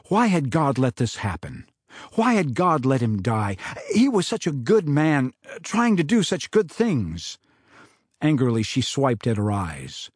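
Man, author narrating audiobook, dramatic, lively pitch, dry studio sound. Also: no room sound. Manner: expressive, dramatic storytelling. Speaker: author reading his own book.

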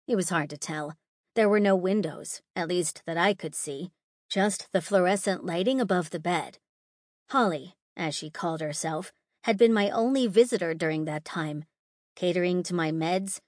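A woman's voice: mid-range voice, a little mellow, no room sound. A young adult woman reading first-person narration in a wry, sardonic tone on a close studio mic. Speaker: audiobook narrator.

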